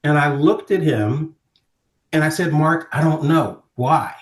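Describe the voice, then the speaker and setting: A middle-aged man from Ohio, telling stories as a podcast guest in a lively conversational way and acting out other people's voices. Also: fairly high pitch, a little slow. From Ohio, USA. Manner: animated storyteller, acting out quoted voices. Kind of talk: storytelling in casual conversation. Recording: roomy echo.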